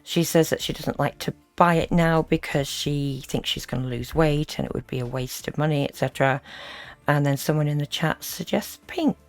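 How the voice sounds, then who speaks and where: Woman, reaction commentator, low voice, dry wry asides, faint music behind. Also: moderate pace. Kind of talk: commentary over a played stream.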